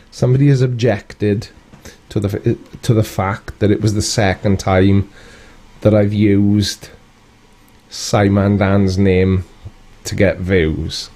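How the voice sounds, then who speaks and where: A man's voice: fairly low pitch, steady tone, slow, long pauses, dark tone. A man with a British accent hosting a casual live stream, chatting and answering viewer comments in a wry, conversational way.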